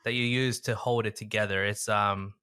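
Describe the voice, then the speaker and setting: A man's voice: lowish voice, fairly even intonation, normal speed, pushed and bright, smooth. A man co-hosting a casual podcast, teasing his co-host playfully and dropping Spanish words into his English. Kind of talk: casual chat. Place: home in the United States, on a video call.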